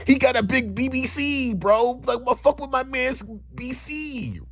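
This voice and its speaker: A man's voice: extremely high pitch, lively intonation, a little slow, gravelly, a bit bright, no room sound, clean studio sound, pitched above the performer's own voice, exaggerated voice. A man voicing a bumbling, overeager young male coworker acting as wingman, in a storytime vlog. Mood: hyping.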